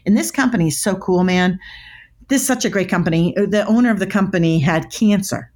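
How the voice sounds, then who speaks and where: A woman's voice: medium pitch, brisk, a little mellow. A middle-aged woman, a body language expert, telling stories emphatically in an interview and often restarting her words. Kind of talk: animated interview storytelling.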